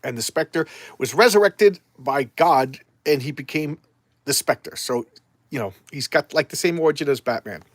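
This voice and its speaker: A man's voice: fairly high pitch, normal speed, no echo. A man chatting casually and enthusiastically as a comics vlogger, rambling with restarts. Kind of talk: casual chat.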